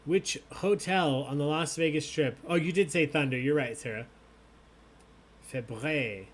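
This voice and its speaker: The trivia host here has a slightly high voice and talks a little slowly. He runs a live online quiz night, reading questions aloud and joking with players in a lively, upbeat manner.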